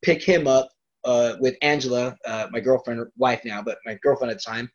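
A man's voice: mid-range voice, fairly even intonation, moderate pace. Profane self-deprecating male wrestler, dull audio. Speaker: professional wrestler. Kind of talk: casual storytelling interview.

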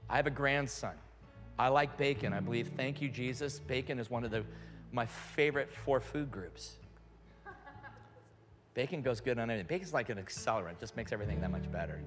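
A man's voice: mid-range voice, a little fast. An older man preaching a sermon and leading prayer, earnest and fervent, with a grandfather's storytelling ease. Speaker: pastor. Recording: live hall reverb with music.

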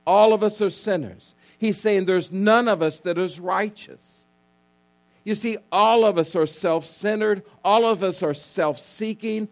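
Man, pastor, sermon, high voice, emphatic, faint hum. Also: vocal fry. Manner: emphatic preaching, repeats key words, asks congregation to respond.

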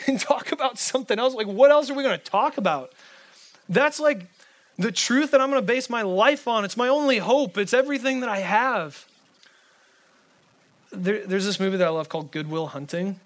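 A man preaching a sermon in a casual, conversational way, full of fillers, swinging between urgent pleading and hushed intensity. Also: high-pitched, animated, normal speed.

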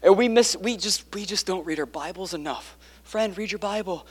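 A man preaching a sermon, swinging between quiet, intimate passages and emphatic ones, with joking asides to the congregation. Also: sits high, moderate pace, breathy edge, long reverb tail. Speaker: pastor.

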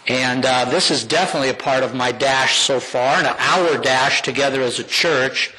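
An older man, a pastor, giving a heartfelt personal testimony to his congregation with slow, emphatic phrases. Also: mid-range voice, pushed and bright, poor audio.

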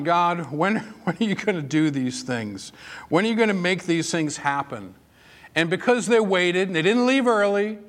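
A man's voice: high-pitched, a bit bright. Conversational male preacher with emphatic peaks. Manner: conversational, personal storytelling with rising emphatic peaks. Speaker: pastor. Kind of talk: sermon.

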